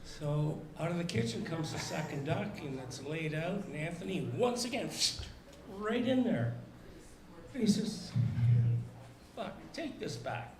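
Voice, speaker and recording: A man doing a live stand-up set, telling a long joke story with a deadpan delivery and pauses. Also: fairly high pitch. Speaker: stand-up comedian. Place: live comedy show before an audience. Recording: echoey room with live crowd.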